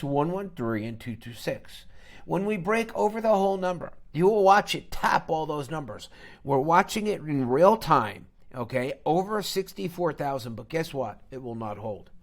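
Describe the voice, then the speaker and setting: Gravelly, emphatic man lecturing on a stream. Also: on the high side. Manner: emphatic, lecturing, keeps asking "okay?"; blunt and scornful. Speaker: crypto trading streamer. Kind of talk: live-stream trading talk.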